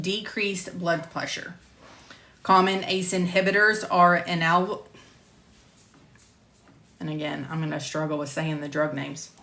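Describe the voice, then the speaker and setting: A woman instructor reading lecture material on drugs at a measured pace, stopping to correct herself and chat. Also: fairly low pitch, a bit bright, reverberant. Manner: measured, careful reading of drug terms, self-correcting. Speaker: medical coding instructor. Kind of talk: recording lecture narration, with casual asides. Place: home room with door closed.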